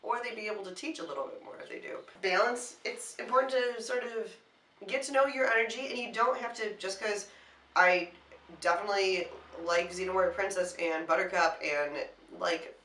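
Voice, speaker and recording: A woman co-hosting a casual chat, animated and often restarting her sentences. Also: mid-range voice, fairly quick, a little hiss or hum. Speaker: co-host. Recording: echoey room, mic at a distance.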